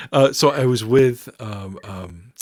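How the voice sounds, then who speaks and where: A man, a paranormal researcher guest, telling a story in casual chat and acting out the people in it. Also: medium pitch. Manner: animated storyteller acting out quoted voices.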